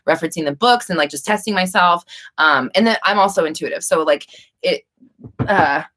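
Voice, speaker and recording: A woman's voice: low-pitched, sharp tone. A young woman hosting a live stream, chatting casually and rambling with many fillers and restarts.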